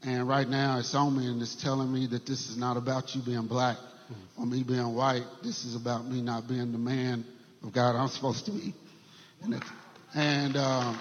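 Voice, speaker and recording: A man sharing a church testimony story in an earnest, halting way, with many fillers and restarts. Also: medium pitch, fairly even intonation. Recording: dull sound with long hall reverb.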